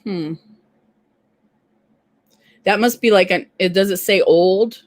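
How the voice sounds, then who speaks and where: A woman's voice: medium pitch, slow pace, a little mellow, dry recording. A woman co-hosting a casual live stream, chatting and greeting viewers by name.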